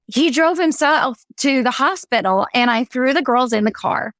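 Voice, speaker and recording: Fairly high woman podcast host, animated storyteller, dry studio sound. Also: normal speed, hardly any pauses, dry recording. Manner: chatty and animated, tells stories with quoted voices. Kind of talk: casual podcast conversation.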